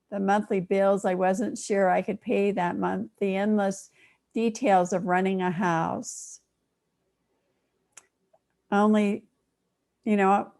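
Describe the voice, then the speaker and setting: An older woman, a minister, delivering a sermon as an expressive storyteller who pauses for effect. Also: mid-range voice, vocal fry.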